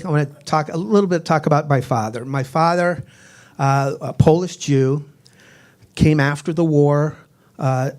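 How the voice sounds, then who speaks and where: A man in his sixties from Boston, doing a chatty stand-up set with deadpan punchlines. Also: fairly high pitch. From Boston, United States. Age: 60s. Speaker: stand-up comedian. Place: comedy stage.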